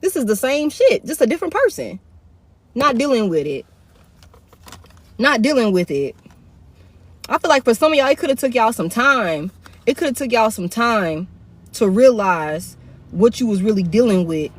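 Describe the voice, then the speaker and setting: A woman's voice: on the high side, sing-song, moderate pace, pauses often. A woman giving a casual live tarot reading into a phone. She speaks bluntly, swears often, uses heavy slang and repeats her points. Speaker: tarot reader.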